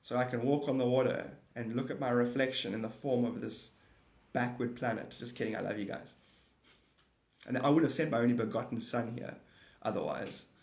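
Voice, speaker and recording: A man hosting a live stream, talking in a rambling monologue, animated and swinging between loud outbursts and muttered asides. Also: medium pitch, normal speed, vocal fry, reverberant.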